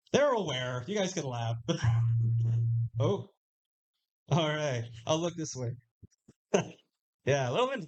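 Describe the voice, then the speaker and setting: Guy doing stand-up in a lounge, high voice, offhand and sweary, giggles at his own jokes. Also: rough recording. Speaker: stand-up comedian. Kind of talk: live stand-up set. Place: small lounge stage.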